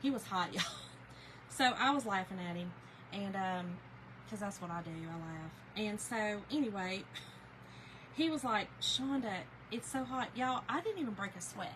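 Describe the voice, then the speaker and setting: A woman from Georgia with a Southern US accent, chatting casually with viewers as a crafting livestream host, folksy and quick to laugh. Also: medium pitch, animated, a bit bright, a little hiss or hum, rough recording.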